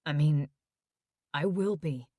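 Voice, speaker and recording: A woman voicing an injured young male firefighter who talks quietly with dry humor. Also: low voice, takes it slowly, no room sound, voice pushed down. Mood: subdued.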